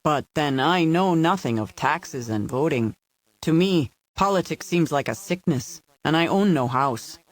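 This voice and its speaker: A man voicing a humble, soft-spoken male caretaker who answers courteously and formally. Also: fairly high pitch, expressive, measured pace, no room sound. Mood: polite.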